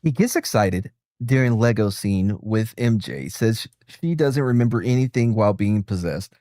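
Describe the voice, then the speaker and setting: A male podcast host in casual reaction chat, talking in an animated, sarcastic, excitable way. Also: on the low side, normal speed, dry recording, studio quality.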